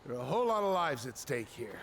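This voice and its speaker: A manipulative man from a story game who coaxes and insinuates. His gravelly voice swoops widely in pitch, with a faint hiss behind. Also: very animated, quick pace, fairly bright tone. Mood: coaxing. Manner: coaxing, insinuating. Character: manipulative, smooth-talking older man. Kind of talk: video game voice acting.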